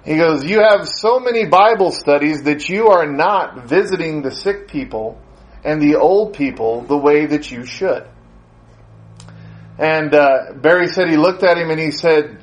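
A man's voice: fairly high pitch, expressive, unhurried, rough recording. A man preaching a sermon, telling a long anecdote in a conversational way, with fillers and the odd chuckle. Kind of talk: sermon storytelling.

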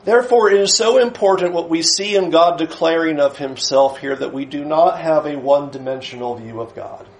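A man's voice: on the high side, rough recording. A man preaching a Bible lesson in an earnest, emphatic way, acting out the voices he quotes. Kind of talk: sermon lesson.

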